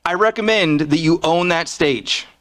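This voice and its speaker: A man's voice: on the high side, measured pace, a bit bright. A man giving a casual, joking talk from behind a podium on a conference stage, speaking into a fixed podium microphone.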